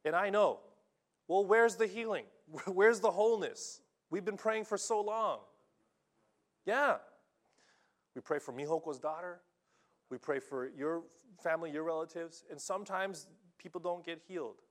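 A male pastor preaching a sermon in an animated, emphatic way, often checking in with his listeners. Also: high-pitched, measured pace. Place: church in Japan.

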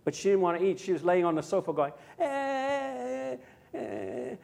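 Chatty older male pastor, slightly high voice. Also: fairly even intonation, rapid-fire, dark tone. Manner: chatty, anecdotal, frequent asides and tag questions. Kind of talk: sermon with personal story.

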